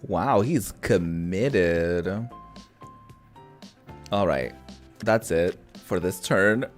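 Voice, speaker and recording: A man's voice: low voice, drawn-out words, soft background music. A man giving casual, playful commentary over a video game, teasing the characters and laughing at the dialogue. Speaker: gaming video creator.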